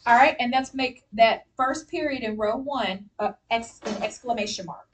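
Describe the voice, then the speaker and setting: A woman runs a classroom reading lesson in a clear, encouraging way, her voice set a touch high. She sounds distant from the microphone. A faint hiss sits under the recording. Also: moderate pace. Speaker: teacher. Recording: distant mic with faint noise.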